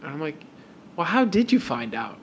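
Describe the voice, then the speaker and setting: A man co-hosting a podcast, telling a story in a casual, animated way and acting out both sides of the conversation. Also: fairly high pitch, normal speed, slight background noise. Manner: animated retelling with repeated "and I'm like". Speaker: podcast co-host.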